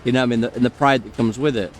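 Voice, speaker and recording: Man, mid-pitched, rambling storyteller narrating over gameplay, fillers and asides. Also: fairly even intonation, very fast. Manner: rambling, many fillers, breaks off to comment on the game. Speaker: gamer telling a story while playing.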